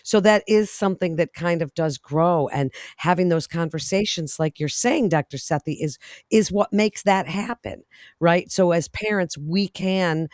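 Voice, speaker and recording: A woman's voice: on the low side, measured pace, darkish tone, no room sound, studio quality. A woman in her fifties hosts the interview, framing her questions at length in a friendly way. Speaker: host.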